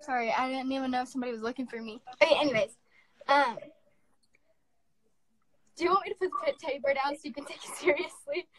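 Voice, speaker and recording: A young woman in her teens giving a halting, tearful apology on a phone live stream, full of fillers and restarts. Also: high-pitched, low-quality recording. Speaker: livestreamer.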